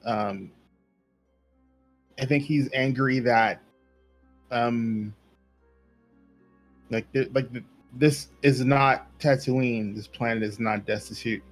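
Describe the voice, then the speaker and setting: A man playing in a tabletop game, talking slowly and hesitantly. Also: mid-range voice, fairly even intonation, faint music behind. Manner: slow, hesitant, many fillers. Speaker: player. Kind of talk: casual chat in a tabletop game.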